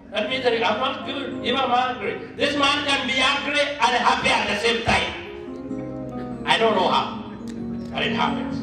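A man giving an emphatic sermon-style speech at a church launch, mixing languages. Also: sits high. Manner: emphatic, mixes languages, rising to a shout. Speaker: church leader speaking at a launch. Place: church hall. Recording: echoey hall, voice from far off, music behind.

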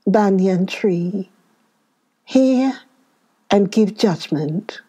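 A woman's voice: mid-range voice, animated, extremely slow, warm tone, husky, voice pushed up, exaggerated voice. A woman voicing a frightened old male holy man who begs and stammers in a children's story. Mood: pleading. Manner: pleading, stammering.

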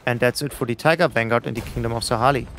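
A man's voice: medium pitch, slight background noise. A middle-aged man giving a scripted, instructive voice-over for a game boss guide. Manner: brisk, instructive, even delivery.

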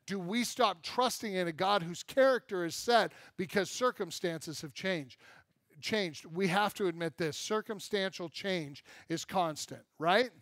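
Male pastor, higher-pitched, animated and self-deprecating, dry close sound. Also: no room sound. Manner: animated, self-deprecating humor, rhetorical questions. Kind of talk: sermon. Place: church.

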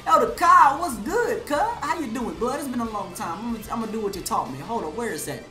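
A woman's voice: a little high, expressive, a little fast, over music. A young woman hosting a gaming channel, giving hyped, slangy live commentary on her matches and calling out opponents. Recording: roomy room sound.

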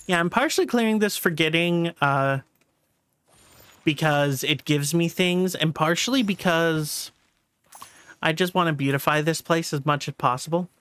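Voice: medium pitch, moderate pace, fairly bright tone, clear, resonant tone. A streamer chatting casually through a game livestream, laughing often and swearing freely.

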